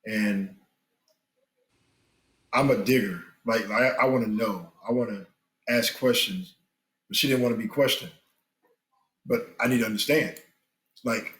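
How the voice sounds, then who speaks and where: A middle-aged man giving earnest relationship advice on a podcast, with animated, preacher-like emphasis. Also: medium pitch, moderate pace, pauses often, reverberant, poor audio. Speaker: guest, spiritual father. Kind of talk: candid podcast conversation.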